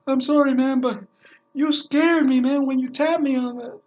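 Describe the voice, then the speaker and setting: A man voicing a rattled male cab driver who talks loud and apologetic. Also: extremely high pitch, steady tone, moderate pace, dull audio, voice pushed up. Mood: shaken, apologetic.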